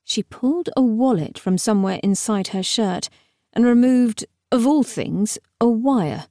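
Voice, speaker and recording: A woman narrating an audiobook in a measured, expressive way. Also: a little high, dry recording, studio quality. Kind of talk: scripted narration.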